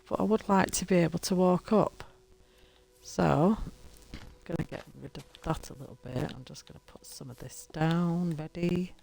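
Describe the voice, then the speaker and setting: A woman's voice: fairly low pitch, moderate pace, gravelly, a little mellow. A woman chatting casually to her viewers as she plays a building game and talks to the characters. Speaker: gaming streamer. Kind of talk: casual gameplay commentary.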